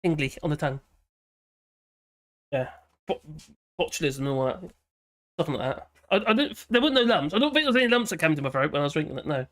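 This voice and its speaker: A hoarse man runs a casual live stream. His voice sits fairly high and swoops about, with frequent giggles and cheeky asides. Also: sing-song, fast, pauses often, a bit bright. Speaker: livestream host. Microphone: headphones with a small speaker.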